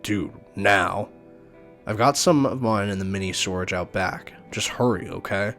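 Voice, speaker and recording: A man voicing a calm, lackadaisical young man with a bassy, drawling voice, read from a game. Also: unhurried, soft background music. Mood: urgent. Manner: drawling and laid-back.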